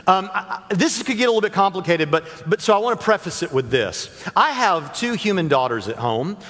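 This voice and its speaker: A man's voice: high voice, animated, brisk, fairly bright tone. A man giving a talk to a live church audience from the stage, joking with the crowd and speaking directly to them. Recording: long reverb of a large hall.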